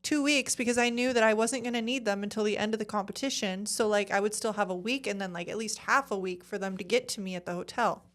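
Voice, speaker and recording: A woman's voice: mid-range voice, fast, hardly any pauses. A young woman from Arizona, a podcast guest, telling a story casually and acting out what people said. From Arizona, USA. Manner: animated, acts out quoted dialogue, frequent "like".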